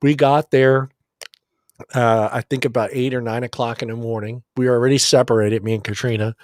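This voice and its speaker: A middle-aged man telling a story in casual chat as a podcast co-host, animated and swearing freely. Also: mid-range voice, fairly quick, no room sound, studio quality. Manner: animated, swears a lot, acts out voices.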